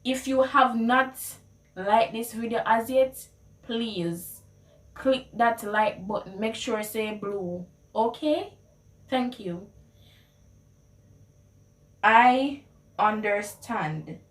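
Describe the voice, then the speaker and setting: A woman's voice: a little high, drawn-out words, long pauses. A Jamaican woman hosting a casual language lesson, playfully repeating phrases. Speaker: video host. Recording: echoey room, mic at a distance.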